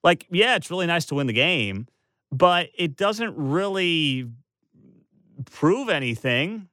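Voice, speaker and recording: A man's voice: a little high, lively intonation, slow, pushed and bright, dry recording, clean studio sound. A man giving opinionated college football commentary as a sports talk host, emphatic and sarcastic, piling up rhetorical questions.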